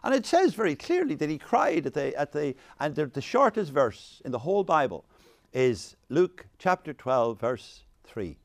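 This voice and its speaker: Man giving a rambly lively talk to a group, gravelly voice, dry sound. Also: a little high, normal speed, no room sound. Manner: rambling, animated, laughs often, restarts. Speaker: speaker leading a faith discussion. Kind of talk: informal talk with audience questions.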